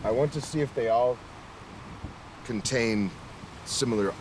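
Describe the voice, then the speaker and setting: An eager man plays in a tabletop game, firing questions at the game master in a casual tone. His voice is mid-pitched. Steady background noise sits clearly under him. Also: measured pace. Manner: eager, asks many questions. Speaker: player.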